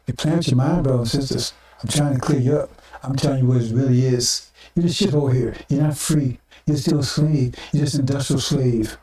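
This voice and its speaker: A man's voice: mid-range voice, warm tone. Man, sermon, blunt profane repetitive delivery, far from mic, echoey room. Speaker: preacher.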